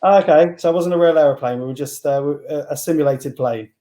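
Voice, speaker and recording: A man's voice: a little high, fairly quick, warm tone. A man compering a live online event, speaking in a polite, upbeat, welcoming way. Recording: echoey room sound.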